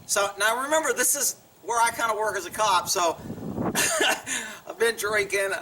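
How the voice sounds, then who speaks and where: A man's voice: high-pitched, unhurried, recorded from a distance, background noise. A man casually telling a personal story to the camera, chuckling often and acting out the people he quotes.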